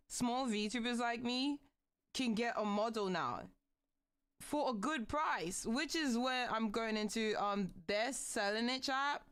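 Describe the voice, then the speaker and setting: A woman's voice: mid-range voice, a bit bright, clean tone. A young adult woman VTuber streamer chatting casually with her viewers, ranting animatedly and swearing often. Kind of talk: casual livestream chat.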